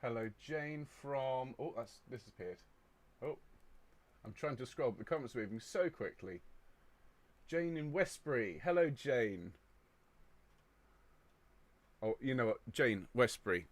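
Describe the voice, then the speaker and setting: A chatty man from England hosting a choir live stream, greeting viewers and reading out their comments in a relaxed, upbeat way. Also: mid-range voice, unhurried, pauses often. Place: indoor room overlooking a square.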